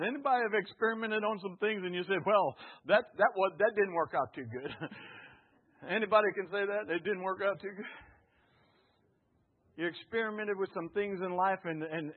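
A man preaching a sermon with call-and-response, jokes and an earnest, hushed prayer. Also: high voice. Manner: call-and-response, jokey and lively. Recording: tinny phone-like lo-fi sound.

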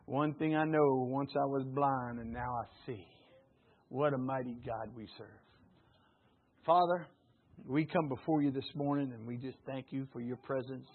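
A man preaching a sermon as pastor, animated, acting out little asides and laughing often. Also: medium pitch, slightly rough. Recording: tinny phone-like band.

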